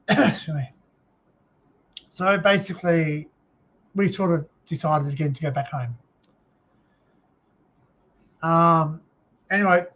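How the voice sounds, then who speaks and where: A man with an Australian accent telling an emotional personal story on a live stream, halting, with many fillers and restarts. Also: on the high side. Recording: dull lo-fi sound.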